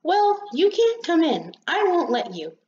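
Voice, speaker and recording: A woman voicing a fussy little rosebud flower girl who wants to be left alone, speaking in a high, insistent, peevish way. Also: sing-song, a little slow, darkish tone, reverberant, a little hiss or hum. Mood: annoyed. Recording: slightly dull lo-fi recording.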